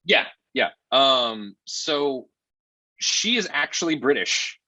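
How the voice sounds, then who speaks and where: A man's voice: medium pitch, animated, slow pace, sharp tone, dry recording, lo-fi sound. A man reviewing a film in casual chat, rambling and profane, often exasperated.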